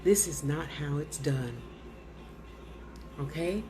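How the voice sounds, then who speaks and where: A woman's voice: low voice, slow pace, background noise. Woman soothing an unseen spirit. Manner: coaxing, soothing, blunt asides. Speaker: vlogger talking to a spirit. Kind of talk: casual one-sided spirit talk.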